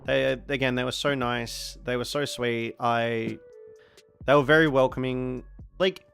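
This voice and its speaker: A man's voice: medium pitch, unhurried, creaky, soft background music. Chatty Australian man streaming. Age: 40s. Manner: chatty, rambling, bursts into excited shouting. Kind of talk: casual stream chat.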